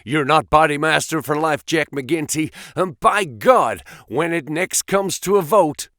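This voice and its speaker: A man voicing a jealous, furious young male thug who sneers and shouts in an audiobook. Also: on the high side, unhurried, dry recording, studio quality, pitched above the performer's own voice.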